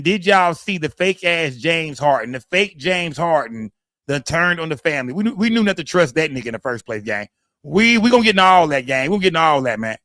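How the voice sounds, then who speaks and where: Dude running a livestream, shouting out the chat, slangy, kinda high voice, dry close sound. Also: male voice, no room sound. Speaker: livestream host. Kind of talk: casual livestream commentary.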